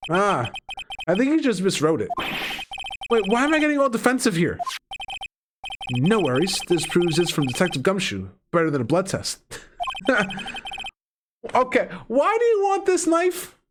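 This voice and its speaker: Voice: mid-range voice, sing-song, moderate pace, pauses often, noisy background. A streamer casually commenting on a game and reading its dialogue aloud in a jokey manner, swearing often. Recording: game music playing behind.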